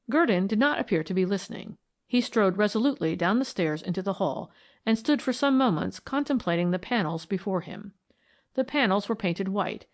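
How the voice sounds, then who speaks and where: A woman narrating a classic mystery audiobook in an even, deliberate reading. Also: mid-range voice.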